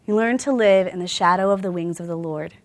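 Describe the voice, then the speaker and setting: A woman's voice: lowish voice, a little fast. A woman preaching a sermon in a church, speaking conversationally with rhetorical questions and bursts of laughter.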